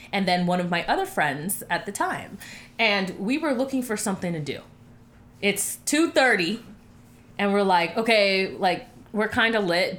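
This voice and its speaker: A woman from Miami co-hosting a casual chat show, telling a story in a chatty, expressive way. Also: medium pitch. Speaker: podcast co-host.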